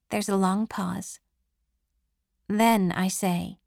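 A woman reading a first-person story aloud in a calm, measured way. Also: medium pitch, creaky, no echo, studio quality. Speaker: audiobook narrator. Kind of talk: scripted first-person narration.

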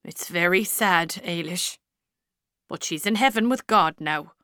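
A woman reading a storybook, voicing a middle-aged male priest who speaks softly and carefully, consoling. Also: on the low side, measured pace, clean tone, no echo, clean studio sound. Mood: gentle. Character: gentle middle-aged Irish priest, man.

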